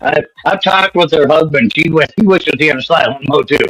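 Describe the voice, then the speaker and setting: A man's voice: fairly high pitch, fairly quick, a bit bright, soft background music, poor audio. A man co-hosting a casual livestream chat, cracking jokes at the host's expense. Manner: joking, ribbing the host. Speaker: co-host.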